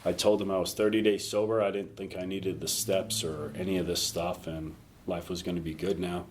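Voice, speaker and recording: A man's voice: low voice, flat delivery, a little fast, a little hiss or hum. Candid self-mocking man telling his story. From North Carolina. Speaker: recovery speaker. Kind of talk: personal recovery story told to a meeting.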